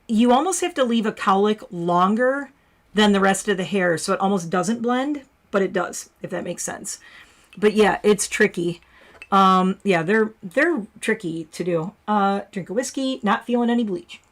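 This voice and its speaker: A middle-aged woman, a retired hairstylist chatting casually to livestream viewers while unboxing and reading labels aloud. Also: medium pitch.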